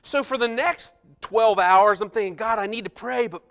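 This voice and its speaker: A middle-aged male pastor telling a personal story in a sermon, animated and self-mocking. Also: high voice, moderate pace. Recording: long hall reverb.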